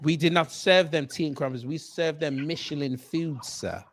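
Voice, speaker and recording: A man doing a pompous, mock-posh British gentleman in comedic banter, clipping "sir" onto nearly every line. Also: fairly high pitch, moderate pace, close to an everyday voice. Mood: prim.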